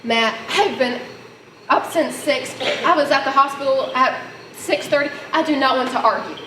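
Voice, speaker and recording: A teen actress as a weary, sharp-tongued young woman, high and echoey. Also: moderate pace, lightly acted. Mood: prodding. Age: teens. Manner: exasperated, pointed. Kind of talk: high school stage play. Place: school stage. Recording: roomy, distant mic, noise.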